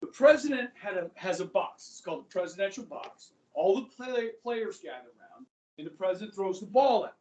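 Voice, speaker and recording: Heard from far off in an echoey classroom on a lo-fi recording, a man with a Kansas accent teaches history in a casual, chatty manner. His voice sits high and has a darkish tone, and he speaks expressively and briskly, often checking in with "okay?".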